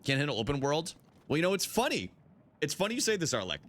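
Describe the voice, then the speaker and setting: A man's voice: a little high, huge pitch swings, quick pace, a bit bright. A young man chatting casually with his live-stream chat while playing, swearing freely.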